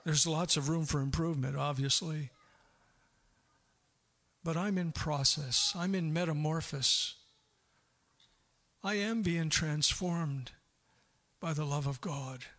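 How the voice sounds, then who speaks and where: A middle-aged male pastor giving a sermon with a bright, sharp voice set a little high for a man. He talks in a lively way, laughing now and then and acting out the voices he quotes. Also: takes it slowly, long pauses.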